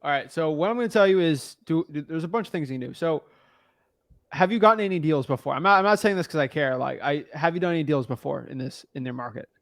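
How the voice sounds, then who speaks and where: A man's voice: a little high, quick pace, gravelly, fairly bright tone, no room sound, studio quality. Slangy, laid-back young man coaching. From United States. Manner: laid-back, slangy, talks through what he looks up. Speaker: real estate wholesaling coach. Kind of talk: casual coaching call.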